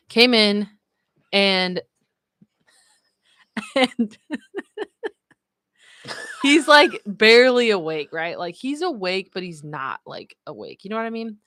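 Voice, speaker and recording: A woman hosts a casual livestream, telling a story chattily with lots of "like" and "you know" and frequent laughter. Her medium-pitched voice swings widely in pitch, moves at a measured pace with many pauses, and sounds a bit bright with no echo.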